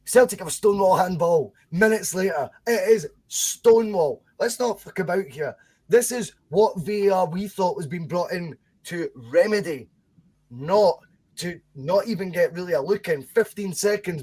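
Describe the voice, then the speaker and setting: A Scottish man on a fan podcast, talking in an insistent, emphatic way. His voice sits high for a man and has a husky edge. He keeps hammering home each point. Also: a little mellow. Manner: emphatic, insistent, addresses co-host by name. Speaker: podcast co-host. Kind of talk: heated fan podcast discussion.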